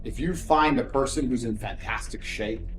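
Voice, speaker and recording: A man's voice: medium pitch, moderate pace, over music. A man giving a blunt motivational talk in short, repetitive, declarative statements. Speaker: motivational speaker.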